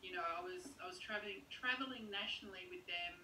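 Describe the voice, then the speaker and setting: A woman's voice: mid-range voice, quick pace, bright, forceful tone, a little hiss or hum. A woman, a copywriter guest, talking expressively in a casual interview. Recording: echoey, distant from the mic.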